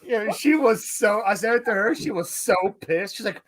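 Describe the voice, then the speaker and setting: A man's voice: sits high, animated, normal speed, noisy background. A man from Russia co-hosting a casual livestream, playful and teasing. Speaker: livestream co-host. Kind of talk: casual live chat.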